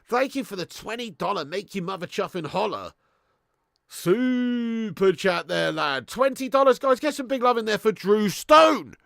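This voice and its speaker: A young man hosts a live football watch-along, calling the action with excited outbursts and profanity between viewer shout-outs. His voice sits slightly high, bright and edged with gravel. The sound is close and dry, with no room echo. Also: moderate pace. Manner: excitable, swears, reads viewer messages aloud. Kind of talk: live match commentary and chat.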